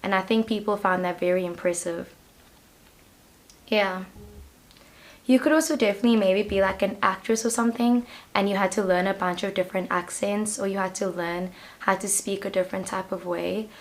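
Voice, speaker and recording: A young woman talks straight to the viewer through a pick-a-card tarot reading. Her delivery is loose and chatty, full of ums and likes. She often pauses and hedges to find her words. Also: medium pitch, steady tone. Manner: chatty, hesitant, full of fillers. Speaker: tarot reader.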